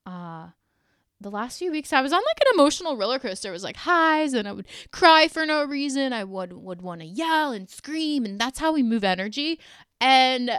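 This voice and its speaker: A woman's voice: high-pitched, sing-song, normal speed, fairly bright tone, clean tone, dry recording, clean studio sound. A woman hosting a solo motivational podcast, talking in an earnest, heartfelt way with casual fillers. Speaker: podcast host.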